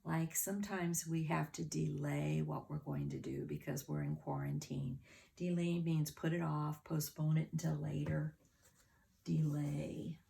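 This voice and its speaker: Slow, gravelly woman teaching phonics. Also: sits low, little pitch movement, dark tone. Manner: slow, clear word-by-word spelling with claps and sounding out. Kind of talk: children's phonics lesson.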